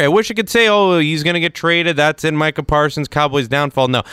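A young man giving opinionated solo sports talk, animated, jumping into quick impressions of other people. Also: smooth, no room sound. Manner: animated, mimics people in quick asides, lively pitch swings. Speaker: sports commentator.

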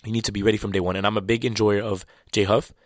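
Man, French native, low voice, casual slangy sports chat, dry close sound. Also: flat delivery, racing, dry recording. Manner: loose and chatty, with slang and restarts. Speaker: basketball commentator.

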